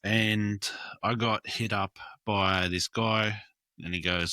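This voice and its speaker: Muralist guest, laid-back rambler, lowish bright voice, dry close mic. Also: male voice, fairly even intonation, unhurried, no echo. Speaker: graffiti and mural artist, guest. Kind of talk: casual chat.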